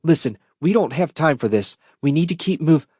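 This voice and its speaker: A man's voice: fairly high pitch, lively intonation, normal speed, darkish tone, husky, no echo, voice pushed up. A tense, urgent woman caught aboard a failing starship, as a male audiobook reader puts her on, her lines raised and clipped. The voice sits dry and close, with no room around it. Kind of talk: audiobook character voice.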